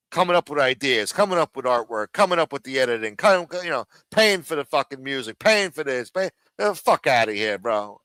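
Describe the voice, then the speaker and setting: A man's voice: mid-range voice, sharp tone, no echo. A man hosting a live stream in a casual, profane rant, with many fillers, repeated phrases and muttered asides.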